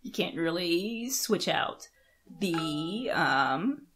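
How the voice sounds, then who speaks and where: A woman's voice: on the low side, lively intonation, extremely slow, fairly bright tone, a little hiss or hum. A woman co-hosts a podcast in casual chat. She rambles through her points, leaning on fillers and breaking into giggles. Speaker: podcast co-host.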